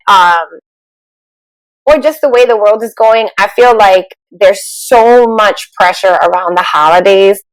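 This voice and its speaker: A woman's voice: medium pitch, no room sound, low-quality recording. A woman podcast host steering the talk, thoughtful and a bit hesitant with many fillers. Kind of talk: casual podcast chat.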